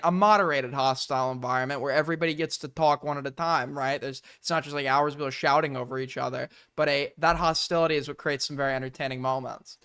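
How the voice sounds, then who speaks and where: Smooth-voiced man reacting to a clip. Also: fairly high pitch, pushed and bright. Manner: sarcastic, laughing, rambling. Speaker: streamer commentator.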